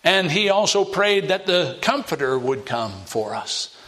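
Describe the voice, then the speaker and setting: Guy preaching, folksy with lots of uhs, bright edgy voice that jumps up on the big words. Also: big pitch swings, a little slow. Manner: emphatic, jumps high on key words; folksy, uses many fillers and asides. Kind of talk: sermon.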